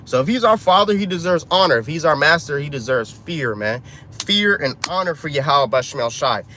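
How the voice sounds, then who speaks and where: Urgent high-voiced street preacher, man. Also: expressive, moderate pace, sharp tone, a little hiss or hum. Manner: urgent, profane, repeats "man" and "bro". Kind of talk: informal street sermon.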